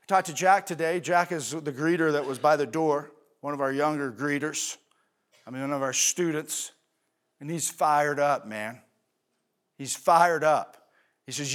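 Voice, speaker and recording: A male pastor with a fairly high, fairly bright voice preaches a sermon at normal speed. His style is conversational: he poses rhetorical questions and answers them himself, adding fillers and asides.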